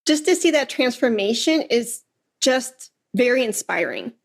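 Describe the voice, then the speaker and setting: Lively woman podcast host, slightly high. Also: a little slow, gravelly. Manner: lively storyteller who acts out quoted lines. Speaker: podcast host and flute teacher. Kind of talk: casual interview chat.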